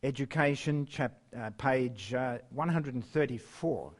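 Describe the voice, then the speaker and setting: A man preaching a sermon and reading scripture, slow and emphatic, with wide swings in pitch and loudness and the odd chuckle. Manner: chuckles now and then.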